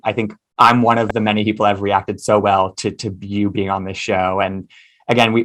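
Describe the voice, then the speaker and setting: A man hosting an interview podcast, warm in his praise, eager, and often restarting his sentences. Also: lowish voice. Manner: enthusiastic, stumbling restarts.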